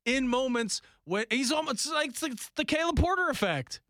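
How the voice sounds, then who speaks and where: An excitable man co-hosting a soccer podcast, chatting casually, saying "like" constantly and laughing a lot. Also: very high voice, normal speed, no echo, studio quality. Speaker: podcast co-host. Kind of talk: casual sports chat.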